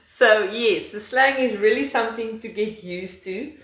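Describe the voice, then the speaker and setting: A woman's voice: fairly high pitch, unhurried, a bit bright, echoey room. A middle-aged South African woman, her first language Afrikaans, with an Afrikaans accent, talking in a casual interview in an emphatic, laughing way.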